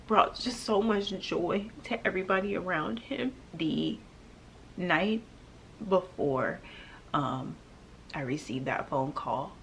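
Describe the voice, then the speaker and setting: A young adult woman telling a painful personal story to camera, halting and emotional, with pauses and restarts. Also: lowish voice, vocal fry, a little hiss or hum. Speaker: vlogger.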